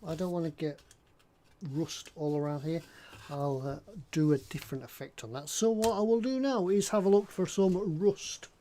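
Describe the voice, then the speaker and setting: A man's voice: fairly high pitch, moderate pace, dark tone, slight background noise. A man chatting casually and jokily at his hobby workbench while he works on a model, often drifting off topic. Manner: rambling and jokey, drifts off topic. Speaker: scale model builder.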